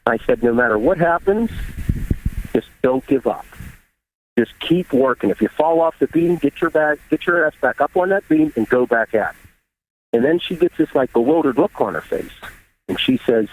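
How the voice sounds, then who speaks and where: A man's voice: mid-range voice, normal speed, poor audio. A man in his thirties, a guest on the show, telling stories candidly and with a lot of swearing. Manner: candid, profane, animated retelling. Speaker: guest bodybuilder. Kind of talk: casual storytelling interview.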